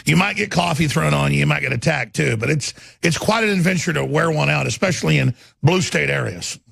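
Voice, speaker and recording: A man with a very gravelly, raspy voice hosts a talk show and cuts in with quick remarks. His pitch sits somewhat high, and the sound is dry and close. He stammers as he restarts his sentences. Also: expressive, a bit bright, no echo.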